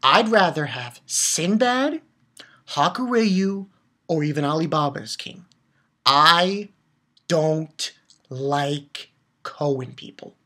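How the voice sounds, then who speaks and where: A woman's voice: deep voice, animated, slow pace, long pauses, bright, forceful tone. A woman giving a heated, profane rant while reviewing a manga chapter, blunt and repeating her points for emphasis. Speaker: anime reviewer.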